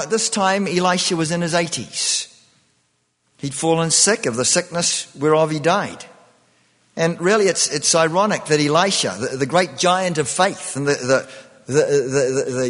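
A man's voice: a little high, fairly bright tone, in a large hall. A man preaching a sermon, often repeating himself and restarting phrases.

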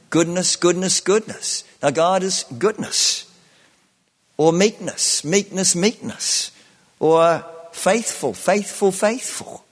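A man preaches a sermon, letting phrases repeat and leaning on "you know" between thoughts. His voice sits a little high and he speaks at a very unhurried pace. Each line trails off into the long reverb of a big hall. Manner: slow, repetitive preaching with many "you know" fillers.

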